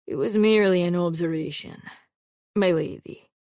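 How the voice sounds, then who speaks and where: A woman's voice: on the low side, normal speed, warm tone, no echo, lightly acted. A woman voicing a stern, formal immortal male swordsman in an audiobook, speaking in a clipped, dry way. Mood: steady, formal. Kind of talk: audiobook character reading.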